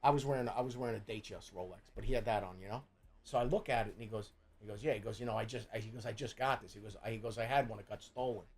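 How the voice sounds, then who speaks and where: A man's voice: on the low side, rapid-fire, darkish tone. A middle-aged man from Jersey City with a New Jersey accent, telling a profane story in casual chat, full of stammering restarts. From Jersey City, USA. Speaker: streamer host.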